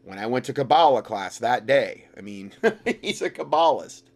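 A man co-hosting a talk radio show, cutting in with forceful quick asides. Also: medium pitch, lively intonation. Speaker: radio co-host.

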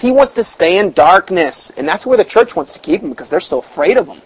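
A man's voice: sits high, sing-song, fairly quick, husky, rough recording. A man preaching a sermon in a chatty storytelling way, emphatic, his voice jumping up when he is stirred. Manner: conversational asides, fillers and restarts.

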